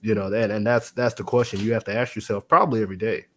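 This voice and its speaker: A man's voice: on the low side, fairly even intonation, quick pace, slight background noise. A man speaking as a guest in a casual faith-based conversation, telling a story with energy, acting out quotes and laughing easily.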